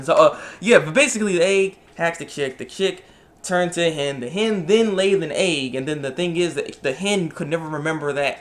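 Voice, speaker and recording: A man's voice: on the high side, normal speed. A young man casually reviewing an anime episode, rambling, repeating himself and trailing off often.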